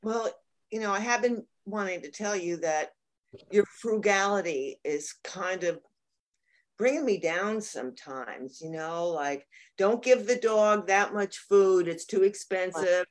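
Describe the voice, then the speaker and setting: A woman's voice: mid-range voice, a little slow, natural voice. A woman playing an earnest, nit-picking partner. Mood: complaining. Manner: earnest, then pointedly complaining. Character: earnest woman giving a keepsake, passive-aggressive. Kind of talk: improvised comedy scene.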